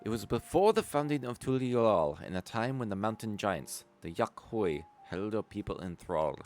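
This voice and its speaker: A man reading the lines of a small, formal storyteller from a merchant clan, measured and solemn. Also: fairly low pitch, lively intonation, darkish tone, soft background music, lightly acted. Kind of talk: reading game dialogue aloud.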